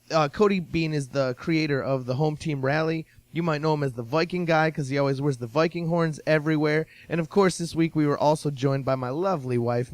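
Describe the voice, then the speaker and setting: A man with a slightly raised voice hosts a laid-back podcast, chatting with friends. His talk is loose and casual, with quick bursts of words. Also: on the high side. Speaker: podcast host. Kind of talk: casual chat.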